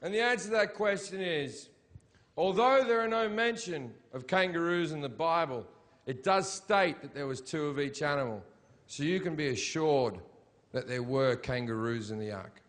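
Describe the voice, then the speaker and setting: A man doing a live stand-up routine on a comedy stage, crude and provocative, swearing constantly and working up into mocking shouted rants. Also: on the high side, lively intonation, normal speed.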